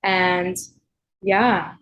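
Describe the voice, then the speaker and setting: A young woman hosting her own podcast, talking earnestly and warmly to listeners, with frequent "like" fillers. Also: on the low side, fairly even intonation, very slow, lo-fi sound. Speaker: podcast host. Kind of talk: personal solo podcast.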